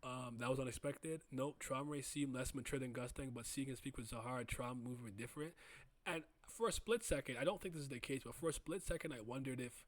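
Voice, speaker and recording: Male streamer, casual and animated, mid pitch, dry sound. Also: a little fast, no echo. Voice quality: animated, laughs often, swings loud and soft. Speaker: streamer reviewing manga chapters. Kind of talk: casual livestream chat.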